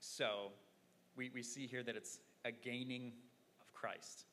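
Male preacher, bright forceful tone, earnest and halting, long hall reverb with faint hiss. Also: medium pitch, fairly even intonation. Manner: earnest, repeats words while thinking. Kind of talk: sermon.

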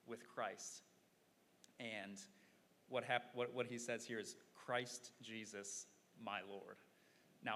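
Earnest preacher guy, lowish voice, stumbles over words, echoey hall. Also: fairly bright tone. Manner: earnest, repeats words while thinking. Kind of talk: sermon. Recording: long hall reverb, faint noise.

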